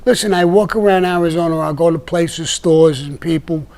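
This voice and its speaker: A man's voice: a little high, moderate pace, a little mellow. An older man with a Brooklyn accent, telling stories in a rambling, casual way full of restarts. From Brooklyn, New York. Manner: rambling, with many restarts and "you know". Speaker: podcast guest telling stories. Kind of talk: casual storytelling chat.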